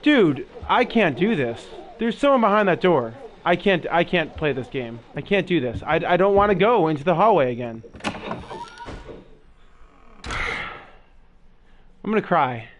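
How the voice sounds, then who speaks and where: On a horror-game let's-play, a young male host with a voice on the high side sounds very animated at a moderate pace. He is jumpy, swears and speaks to his audience. The highs are cut off and a little hiss or hum runs underneath.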